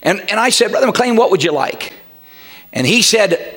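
Preacher guy, emphatic, voice swoops all over and gets shouty. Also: high voice, lively intonation, moderate pace. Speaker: pastor. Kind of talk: sermon.

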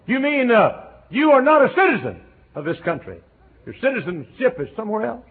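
A preacher voicing an eager, excitable male engineer in a high exclaiming voice, retelling a story in a sermon. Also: a little fast, gravelly, slightly rough, exaggerated voice. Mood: astonished. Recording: tinny lo-fi phone-like recording.

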